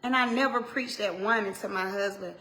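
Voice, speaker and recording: A woman minister with an Atlanta accent, preaching in a heartfelt talk that swings from hushed tones to loud exhortation, with Southern turns of phrase and repeated lines. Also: medium pitch, brisk, faint music behind. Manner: impassioned, swings from hushed to shouting.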